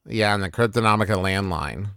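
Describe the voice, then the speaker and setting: A man thinks aloud about his next move in a tabletop game. He hesitates often and pads his talk with fillers. His tone is bright and the sound is dry. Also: fairly low pitch, a little fast, creaky, smooth, dry recording. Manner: hesitant, musing. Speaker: player.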